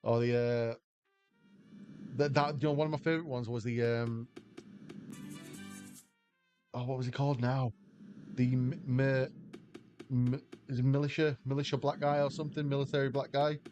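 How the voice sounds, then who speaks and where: An English man chats loosely with his livestream viewers, answering their questions as they come in. His pitch sits in a plain middle range, and faint music plays behind him. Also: level tone, moderate pace, pauses often, darkish tone, highs cut off. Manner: rambling banter, answers chat questions aloud. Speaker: slot livestreamer. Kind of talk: casual chat with stream viewers.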